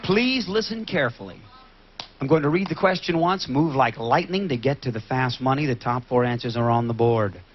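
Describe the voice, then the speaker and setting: A man hosting a TV game show, brisk and joking, repeating answers aloud. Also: medium pitch, animated. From Kentucky. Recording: dull lo-fi TV studio recording with loud audience.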